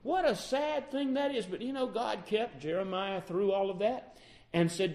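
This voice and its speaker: A man's voice: high voice, normal speed, a little mellow. A man preaching a sermon with a dramatic delivery that rises and falls. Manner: dramatic, rising and falling delivery.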